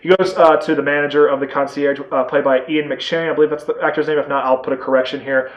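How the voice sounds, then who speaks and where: A man talks through a movie's plot in a loose, excitable ramble, leaning on "like" and dropping the odd curse. His voice sits a touch high. It bounces around an echoey room. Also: quick pace, muffled recording. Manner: rambling and excitable, heavy on "like", casual swearing. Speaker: movie reviewer. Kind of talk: casual spoiler-filled movie review.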